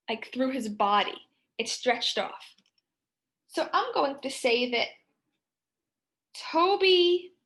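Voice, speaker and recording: A young woman teaches a writing lesson to children. Her voice sits high, and she takes her time over each word. She reads her story aloud in an expressive, sing-song manner.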